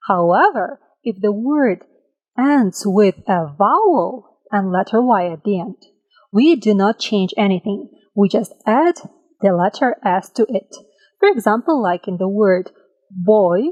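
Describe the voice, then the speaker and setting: A woman teaching an English grammar lesson, drawing out each example word slowly and often checking in with a "right?". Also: medium pitch, a little mellow, lo-fi sound. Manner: slow, careful, drawn-out example words; checks in with listeners by asking "right?".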